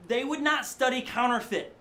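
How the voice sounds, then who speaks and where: A middle-aged male pastor preaching a sermon in a studio, animated and conversational, often acting out voices. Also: extremely high pitch, normal speed, slight background noise.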